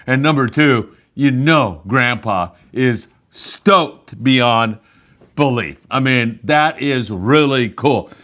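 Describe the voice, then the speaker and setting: A man hosts a live fishing report from a landing, talking in a chatty, upbeat way. He rambles a little and fills pauses with "uh" and "um". His pitch sits in a plain middle range. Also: a bit bright. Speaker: fishing show host. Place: sportfishing landing.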